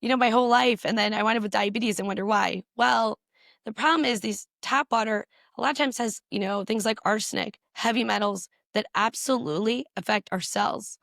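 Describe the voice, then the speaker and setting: A woman physician answering interview questions and explaining health tips briskly, repeating points for emphasis. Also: on the high side, gravelly, a bit bright, no room sound, clean studio sound. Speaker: physician guest.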